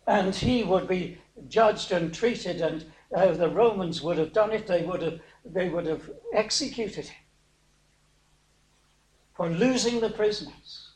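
Male preacher, high voice, halting sermon delivery with fillers, echoey room. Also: a little mellow. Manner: hesitant, many fillers, asks rhetorical questions. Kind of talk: sermon retelling a Bible story.

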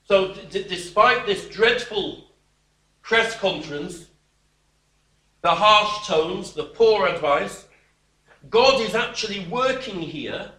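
A male preacher with a bright, fairly high voice delivers a sermon that expounds scripture. He is emphatic and wry. His voice rings around an echoey room and sounds distant from the mic. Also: slow pace, pauses often. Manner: emphatic and expressive, with wry dismissive asides.

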